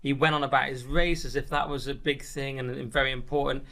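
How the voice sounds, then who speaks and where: A man hosting a political podcast from a studio, with brisk, wry, casual delivery. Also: medium pitch, fairly even intonation, bright, forceful tone. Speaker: podcast host.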